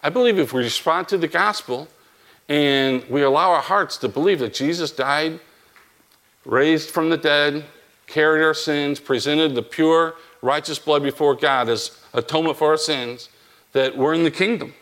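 A man's voice: fairly high pitch, normal speed, a bit bright. A middle-aged man preaching a sermon, reading scripture and then telling stories in a conversational way with frequent restarts. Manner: conversational storytelling with repeated phrases.

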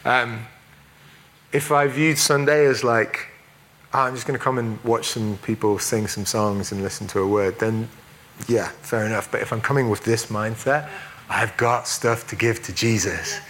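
A man from England giving a sermon as a preacher, chatty and self-deprecating, with quick asides. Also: lowish voice, steady tone, fairly bright tone, low-quality recording.

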